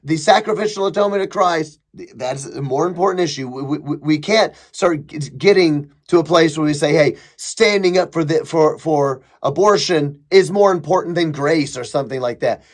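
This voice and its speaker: A man's voice: a little high, normal speed. A man hosting a podcast, giving emphatic, sarcastic commentary as he reads through an online argument. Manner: emphatic, sarcastic, mocking impressions of opponents. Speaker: podcast host. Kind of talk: opinionated commentary reading a thread.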